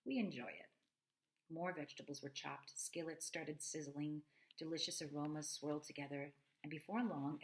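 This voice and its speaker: A woman reading a children's novel aloud, expressive, with asides to her listeners. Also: low-pitched, poor audio. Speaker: reader.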